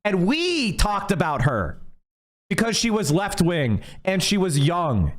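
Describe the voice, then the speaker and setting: A man's voice: high voice, big pitch swings, takes it slowly. A man streaming a heated political rant, angry and profane, fired up as he goes. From United States.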